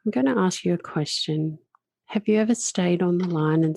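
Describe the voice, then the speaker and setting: Low gravelly-voiced woman host. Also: normal speed, no room sound. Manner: gentle affirming murmurs, probing questions. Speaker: podcast host. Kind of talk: interview.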